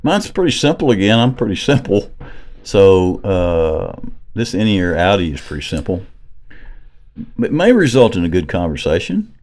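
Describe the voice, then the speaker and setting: A man's voice: low voice, sing-song, moderate pace, darkish tone. A man with a Southern US accent hosting a casual chat, rambling and joking, often laughing. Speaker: podcast host.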